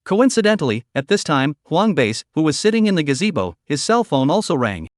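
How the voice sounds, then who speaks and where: Reading a scripted story recap, this man's voice sits a little higher than most men's and swings widely in pitch from one phrase to the next. He keeps a brisk pace. The recording is close-miked and dry, without any room sound.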